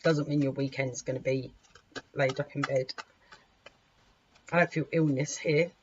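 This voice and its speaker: A woman with a sore, hoarse throat gives a casual tarot reading, chatty and swearing lightly as she talks to her cards. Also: extremely low pitch, fairly even intonation, measured pace, a little mellow. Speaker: tarot reader. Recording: muffled recording with clear background noise.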